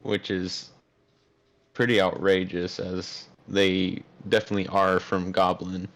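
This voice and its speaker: Man, player, very low, monotone, slow, halting. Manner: halting, searches for words. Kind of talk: tabletop game play.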